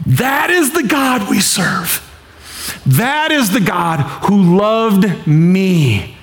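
Passionate preacher man, loud to hushed. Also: high voice, sing-song, extremely slow. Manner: passionate, swings from loud pleading to hushed intensity; repeats phrases, acts out inner voices. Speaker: pastor. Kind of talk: sermon.

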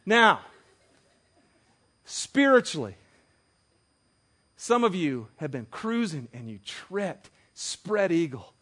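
A man in his thirties preaching a sermon as pastor, telling stories with big swings between loud and quiet. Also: high voice, very animated, slow, pauses often.

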